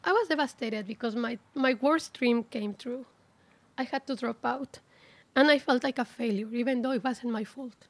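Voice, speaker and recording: A woman in her forties giving a heartfelt, halting graduation speech at a ceremony. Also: on the high side, dry recording. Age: 40s. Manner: heartfelt, emotional, halting with restarts. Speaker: graduating student speaker.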